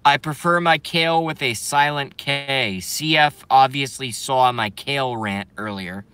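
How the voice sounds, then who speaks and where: Young guy ranting on his stream, brash, swears a lot, bright punchy voice. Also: mid-range voice, measured pace, smooth, no echo. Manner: brash, profane, rambling. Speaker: live streamer. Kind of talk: ranting live stream, reading comments.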